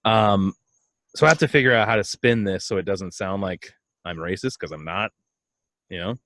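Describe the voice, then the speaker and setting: A man co-hosting a casual comedy chat, telling a story in a halting, self-deprecating way and acting out the voices of the people in it. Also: low-pitched, a little hiss or hum. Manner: animated storyteller, acts out voices. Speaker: podcast co-host.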